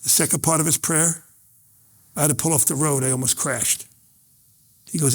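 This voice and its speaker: A man's voice: on the high side, fairly even intonation, a little fast, pauses often. A middle-aged man giving a motivational keynote talk, telling stories with emphatic repetition and acting out the voices of the people in them. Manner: storytelling, acts out quoted voices, emphatic repetition. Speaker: motivational speaker.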